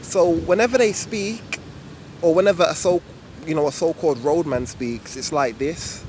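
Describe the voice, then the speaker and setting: A man's voice: fairly high pitch, fairly quick. A young man with a Birmingham accent, casually explaining a topic in a musing way full of ums and restarts, recorded outside in town. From Birmingham, England. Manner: laid-back, musing, many ums and restarts. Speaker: vlogger. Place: outdoors in town by a tree. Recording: outdoor street noise. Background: street traffic.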